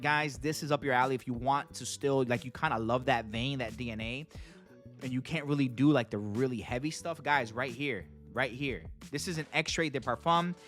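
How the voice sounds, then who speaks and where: A man hosting his own channel, giving a casual, enthusiastic product review to camera in slangy talk and calling out to his viewers again and again. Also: medium pitch. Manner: enthusiastic, slangy, keeps addressing viewers as guys. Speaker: fragrance reviewer and channel host.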